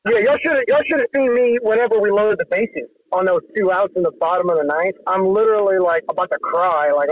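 An excitable man on a casual sports talk show, telling his story quickly. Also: sits high, dry recording. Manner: excitable, fast-talking. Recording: tinny dry phone-like line.

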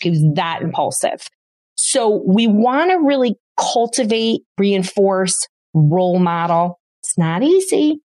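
A woman's voice: medium pitch, no echo. A woman hosting a parenting podcast, giving emphatic advice straight to parents. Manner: emphatic, addresses parents directly. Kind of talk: solo podcast advice talk.

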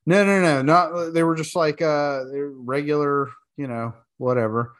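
A man, a military veteran, telling a war story in casual chat, animated and profane, laughing as he talks. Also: fairly high pitch, moderate pace.

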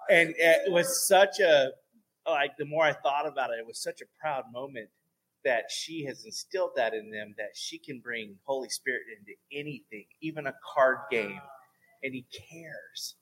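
A man telling lively stories about faith in a casual talk, going soft and low at times for emphasis. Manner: animated storyteller, drops to a soft voice for emphasis.

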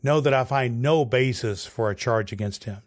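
A man's voice: mid-range voice, normal speed, close to an everyday voice. A man reading the lines of a male Roman governor in a scripture reading, in raised, pointed questions. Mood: questioning.

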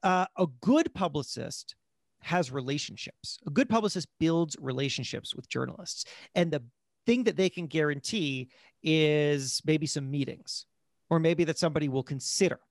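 A man with a fairly high voice talks through a podcast interview, animated and chatty, often restarting his sentences. The recording is close and dry, with no room sound. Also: dry recording. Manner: animated storyteller, fast asides, frequent restarts. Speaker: guest, magazine editor-in-chief. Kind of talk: casual interview talk.

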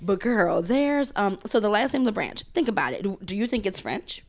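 A woman, a writer guest in casual chat, telling stories with animated bursts of high exclamation. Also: moderate pace. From New Orleans.

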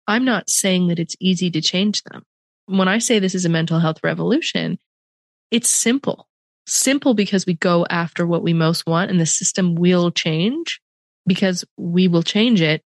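A woman's voice: on the low side, dry recording, studio quality. A middle-aged Canadian woman hosting an interview, talking in a reflective, emphatic way. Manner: reflective, emphatic, animated in places. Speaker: podcast host. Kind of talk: conversational interview.

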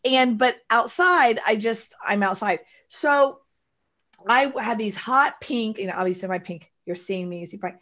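A woman chatting casually and telling stories in an animated way, often acting out what others said. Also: fairly high pitch, a little slow. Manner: animated storyteller, acts out quotes loudly. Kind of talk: casual chat.

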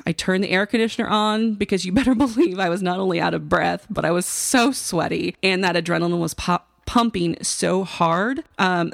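Low, gravelly-voiced woman telling a story. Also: dry recording, studio quality. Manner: chatty, with fillers and asides to the listener. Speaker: podcast host telling a personal story. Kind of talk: casual storytelling.

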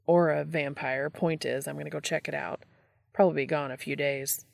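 A woman reading the part of a restless male monster hunter who talks in a hurried, defensive way. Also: deep voice, fairly even intonation, vocal fry, no room sound, studio quality, voice pushed down.

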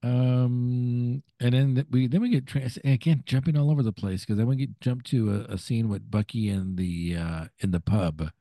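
A man casually recapping scenes of a TV episode on a podcast, halting and searching for words as he goes. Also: medium pitch, fairly even intonation, warm tone, no room sound. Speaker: podcast co-host.

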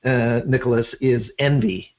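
A middle-aged man hosts an interview, trading dry jokes and drifting into digressions. His voice is at a mid pitch, and the recording sounds dull and lo-fi. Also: steady tone, measured pace. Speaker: podcast host. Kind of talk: casual interview conversation.

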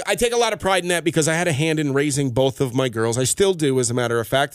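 A man's voice: mid-range voice, no room sound, clean studio sound. A man hosting his own podcast, talking in a rambling, heartfelt way that often stops and restarts mid-sentence. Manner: rambling, heartfelt, self-interrupting. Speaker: podcast host. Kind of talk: personal podcast monologue. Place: radio station studio. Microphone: studio microphone.

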